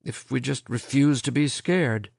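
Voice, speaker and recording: A man voicing a quiet, worn-down middle-aged professor who speaks flatly and distantly. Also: mid-range voice, gravelly, no room sound, clean studio sound. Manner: flat, distant, halting.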